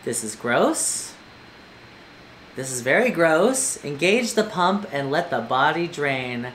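A woman's voice: low-pitched, animated, measured pace, a bit bright, slight background noise. Jumpy, crude-joking woman gamer. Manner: jumpy, screams, crude jokes. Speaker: let's play host. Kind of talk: casual gaming commentary. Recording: echoey room with game music.

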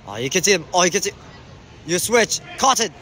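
A man giving excited sideline commentary on an amateur indoor soccer game, shouting and groaning at the plays and calling out to the referee. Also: high-pitched, a little fast, a little hiss or hum.

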